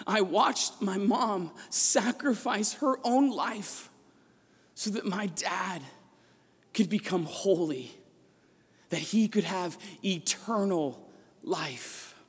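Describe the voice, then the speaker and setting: A man preaching a sermon as a priest, telling a personal story with passion and rising to shouts at the peaks, recorded in a church. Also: high voice, takes it slowly, slightly rough. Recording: long echo of a large church.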